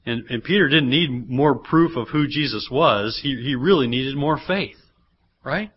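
A man's voice: medium pitch, breathy edge. A man preaching a sermon as pastor, switching between teaching and acting out the people in the reading. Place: church. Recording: dull lo-fi sermon recording.

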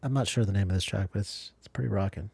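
A man's voice: lowish voice, fast, gravelly, darkish tone, slightly rough, no echo. A man co-hosting a casual podcast, laid-back and joking as he introduces tracks. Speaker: podcast co-host. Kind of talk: casual chat.

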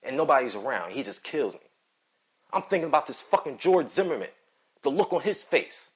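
Guy ranting hard on his own show, cussing and repeating himself, mid-pitched voice. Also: big pitch swings, fairly quick. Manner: heated, profane, repetitive ranting. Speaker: podcast host. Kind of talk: angry solo commentary.

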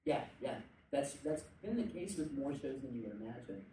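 A man talking casually to a convention panel audience, rambling with jokey asides and quick tangents. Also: mid-range voice, sing-song, dark tone. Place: indoor convention panel room. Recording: echoey room, distant mic, faint noise.

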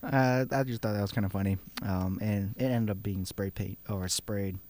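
A man's voice: lowish voice, fairly even intonation, moderate pace, noisy background. A man hosting a casual news show, reading stories aloud with fillers and restarts.

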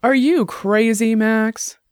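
Man putting on a tipsy young woman, argumentative, bitter, high-pitched audiobook voice. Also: sing-song, normal speed, no room sound, clean studio sound. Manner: loud, combative, bitter.

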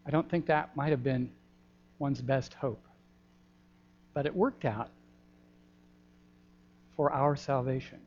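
Older pastor, dull lo-fi church recording. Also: male voice, mid-range voice, slight background noise. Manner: folksy, gentle, pausing with ums. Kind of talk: children's sermon. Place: church sanctuary. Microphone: handheld microphone.

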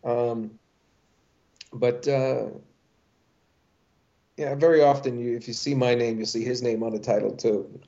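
A man's voice: mid-range voice, flat delivery, unhurried, long pauses, mellow. A middle-aged man, a voice actor, chatting in an interview in a rambling, playful way and often restarting his sentences. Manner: rambling, self-correcting, playful. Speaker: voice actor guest. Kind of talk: casual interview chat. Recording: dull lo-fi sound.

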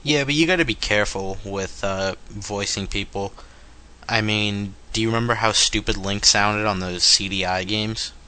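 Male podcast co-host, low but bright voice, rambling casual gaming chat. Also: normal speed, clean tone. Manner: rambling, jokey, mocks companies in made-up dialogue.

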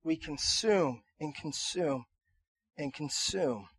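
A male pastor in his thirties preaching a conversational sermon to a room, repeating himself and rising to shouts in his stories. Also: fairly high pitch, lively intonation, takes it slowly, breathy edge, no room sound. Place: church auditorium.

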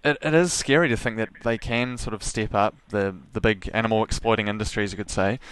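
A man, interviewing in a hesitant, gentle way with many "um"s and "sort of"s. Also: lowish voice, fairly even intonation, fairly quick, smooth. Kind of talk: casual interview chat.

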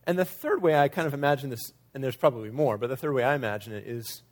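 A man's voice: mid-range voice, fast talker. Conversational man preaching a sermon. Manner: conversational, acts out quoted lines with shifting emphasis. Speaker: pastor.

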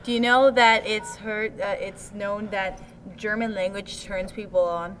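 A young woman co-hosting a casual podcast, quick to interrupt and eager to wrap things up. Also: medium pitch, fairly even intonation, fairly bright tone, rough recording. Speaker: podcast co-host. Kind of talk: casual chat.

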